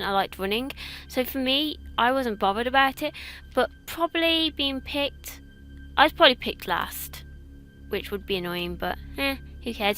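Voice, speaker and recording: Young woman, English accent, bright voice, chatty and rambling, self-mocking, faint music behind. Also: a little high. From England. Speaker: YouTuber. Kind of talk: casual quiz commentary.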